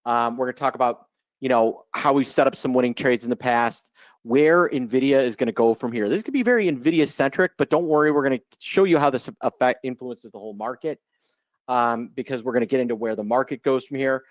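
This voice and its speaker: A guest presenter who trades options, this man in his 40s from Chicago talks loosely and jokingly through a live webinar on a video call mic. His voice is mid-range and brisk, the recording dry, the delivery chatty and unscripted.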